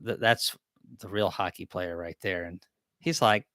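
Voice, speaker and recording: Laid-back guy running a live q&a, kinda low voice, chats along self-deprecating. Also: unhurried, bright, forceful tone, no room sound, studio quality. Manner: rambling, easygoing, self-deprecating. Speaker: beekeeping channel host. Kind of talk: live-stream Q&A chat.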